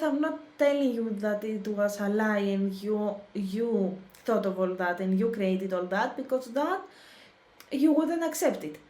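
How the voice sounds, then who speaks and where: A woman's voice: high-pitched, a little mellow, reverberant. A woman hosting a reaction video, talking emotionally and hesitantly, searching for words. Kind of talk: casual reaction commentary.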